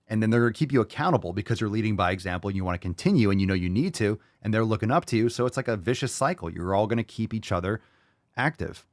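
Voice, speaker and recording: A man's voice: lowish voice, no echo, clean studio sound. A man in his thirties hosting a fitness podcast, ranting crudely and profanely and reading out listener emails in a mocking tone. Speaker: podcast host.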